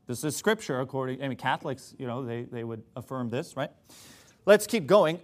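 A man's voice: mid-range voice, lively intonation, quick pace. A man preaching a sermon in an emphatic, sarcastic way.

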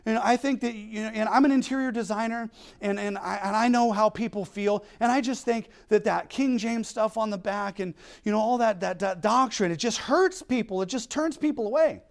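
A man's voice: high voice, normal speed. A man voicing an insistent, indignant woman caller who works as an interior designer.

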